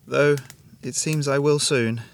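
A man's voice: mid-range voice, fairly even intonation, takes it slowly, gravelly, pitched above the performer's own voice. A man voicing a frail, dying young woman who speaks in a strained, wheezing, pleading way. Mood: wistful.

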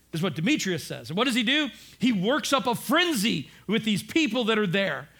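A man preaching a sermon, telling the story in an animated way, acting out voices and rising to shouts. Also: sits high, normal speed, hardly any pauses. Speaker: pastor.

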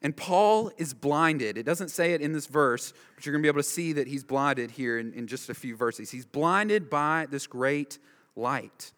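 A man preaches a verse-by-verse sermon in a rather high voice, pressing each point home with short repeated phrases. His words ring out with a long reverb, as in a large church sanctuary. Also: expressive, moderate pace, fairly bright tone. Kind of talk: expository sermon.

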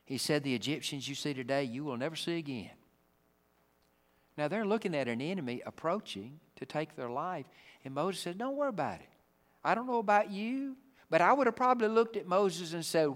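A man preaching a sermon. He acts out the people in the story and swings between booming lines and hushed ones. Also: very animated, normal speed, in a large hall. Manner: dramatic, acts out the Bible figures, swings from loud to hushed.

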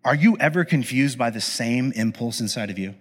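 A man preaching a conversational, animated sermon with casual asides to his listeners. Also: medium pitch, fairly quick, slightly rough. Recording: long hall reverb.

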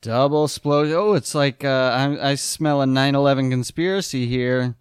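A man's voice: mid-range voice, fairly even intonation, moderate pace, hardly any pauses, smooth, no echo, studio quality. A man riffing on a movie with sarcastic, wisecracking asides. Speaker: movie riffer. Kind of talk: riffing commentary over a movie.

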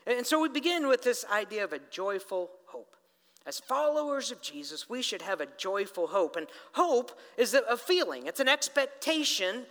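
A middle-aged pastor with a strikingly high, bright and forceful voice preaches a story-driven sermon. His words ring out with a long reverb across the church hall, and he often turns to speak directly to the congregation. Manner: storytelling, animated, addresses people directly.

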